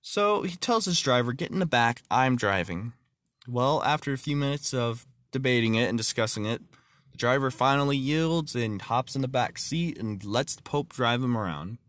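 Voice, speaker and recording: A man's voice: medium pitch, moderate pace, a bit bright, no room sound. A man hosting his own podcast, talking earnestly and plainly and telling jokes. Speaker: podcast host. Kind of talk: casual podcast monologue.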